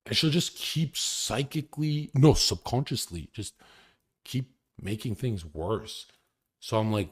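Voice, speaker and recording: A man's voice: mid-range voice, very animated, a little slow, breathy edge. A young man ranting casually on a live stream, crude and boastful, laughing often as he talks. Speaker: livestreamer.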